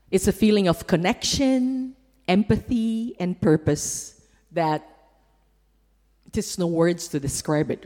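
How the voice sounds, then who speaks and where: A woman's voice: on the low side, mellow, big-room sound. A woman giving a heartfelt church testimony about mission work while showing slides, her storytelling emotional and sincere.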